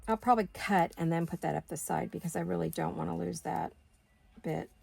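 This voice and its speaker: A woman's voice: on the low side, steady tone, fairly quick, vocal fry, darkish tone, slightly rough, no room sound. A middle-aged woman hosting a craft video, chatting casually to her viewers and to herself as she works. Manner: chatty, talks to herself while working.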